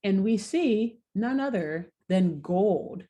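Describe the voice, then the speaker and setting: A woman co-hosting a podcast, recapping an episode in an animated, casual way with swearing and laughter. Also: medium pitch, slow. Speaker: podcast co-host.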